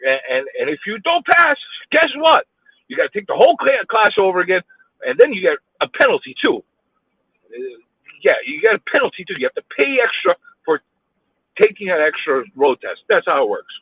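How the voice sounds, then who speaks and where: Brief: New York guy venting behind the wheel, high lively voice, husky, phone-quality sound. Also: brisk, dry recording. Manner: exasperated, repetitive, rhetorical questions, swears. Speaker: vlogger ranting while driving. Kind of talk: angry road rant. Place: in a car in city traffic. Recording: tinny phone-like audio.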